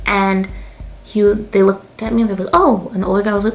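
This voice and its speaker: A woman's voice: mid-range voice, fairly quick, creaky. Chatty Canadian woman in her twenties. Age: 20s. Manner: chatty, lots of fillers and laughs. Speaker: vlogger. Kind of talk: casual storytime chat.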